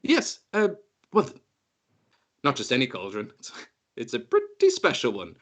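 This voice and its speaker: A man's voice: medium pitch, wildly swooping pitch, moderate pace, fairly bright tone. A man voicing a graceful, absent-minded fae woman who is airy and easily distracted. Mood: breezy.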